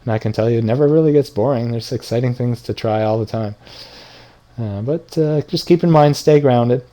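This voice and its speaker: A man's voice: medium pitch, a little fast, warm tone. A middle-aged man who teaches lucid dreaming, casually telling a dream story to an audience and acting out the lines he quotes with a raised voice.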